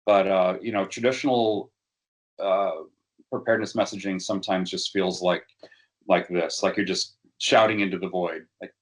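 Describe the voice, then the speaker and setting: Man, very low voice, workshop presenter, halting delivery, lots of ums. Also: steady tone. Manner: hesitant, many fillers and restarts. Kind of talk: educational workshop talk.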